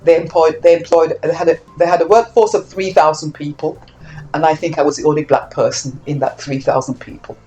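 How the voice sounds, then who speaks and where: An older woman from Saint Kitts, interviewed about her life, speaking reflectively and growing animated as she acts out old exchanges. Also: deep voice, a little fast, muffled recording, faint music behind. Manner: reflective, animated when acting out quoted exchanges. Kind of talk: oral history interview.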